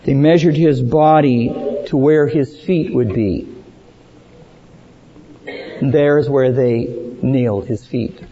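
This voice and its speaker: A man preaching a sermon slowly and dramatically, rising to emphatic peaks and dropping low at the ends of phrases. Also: mellow, slight background noise. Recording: dull lo-fi sound with long hall reverb.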